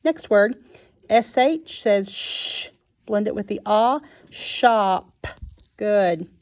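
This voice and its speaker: A woman teaching a phonics lesson to young children, sounding out each word slowly and clearly. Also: mid-range voice, animated. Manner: slow and clear, sounding out words.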